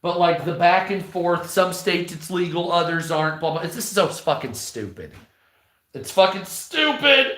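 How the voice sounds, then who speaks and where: A man's voice: a little high, moderate pace, hardly any pauses, roomy sound. A man in his forties ranting casually on a livestream, swearing a lot and rambling. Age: 40s. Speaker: livestream host.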